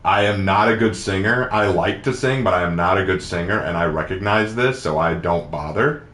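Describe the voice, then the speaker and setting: A man's voice: low voice, normal speed, a bit bright. A man streaming a game, chatting casually and playfully while reading chat aloud. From United States. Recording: roomy echo with faint noise.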